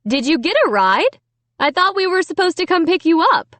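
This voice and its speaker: A woman's voice: very high-pitched, big pitch swings, moderate pace, fairly bright tone, no room sound, voice pushed up, heavily acted. A woman voicing a mother who calls out to her daughter from another room. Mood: calling.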